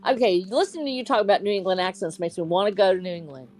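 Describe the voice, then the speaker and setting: A woman from Texas in casual group chat, animated and thinking aloud with many restarts. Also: mid-range voice, racing, faint music behind. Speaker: co-host.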